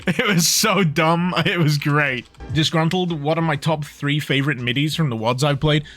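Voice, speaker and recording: A man's voice: fairly high pitch, moderate pace, a bit bright, soft background music. A man streaming a game, joking with his chat and laughing often, a little tipsy from a few beers. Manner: jokey, laughs often, chats with viewers. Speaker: gaming streamer. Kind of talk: casual livestream commentary.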